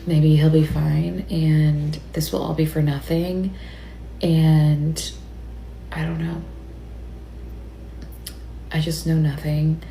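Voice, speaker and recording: A woman sharing a personal story in an emotional confessional video, upset and near tears, talking haltingly and often dropping to a whisper. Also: low-pitched, level tone, creaky, mellow, slight background noise. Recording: echoey room.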